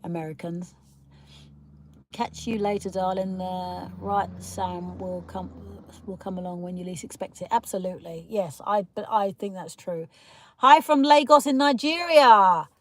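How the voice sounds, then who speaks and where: A woman's voice: lowish voice, flat delivery, moderate pace, mellow, a little hiss or hum. A woman from Kent, chatting casually with viewers on a live stream, teasing and laughing and calling them darling. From Kent, south of England. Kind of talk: casual live chat reading comments. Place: in a parked car.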